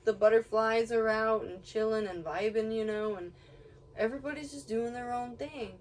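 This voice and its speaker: A woman's voice: on the high side, moderate pace. A young woman vlogging outdoors, giving a casual, rambling motivational rant full of swearing and laughing asides. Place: outdoors near home, birds around. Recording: distant mic with faint background noise.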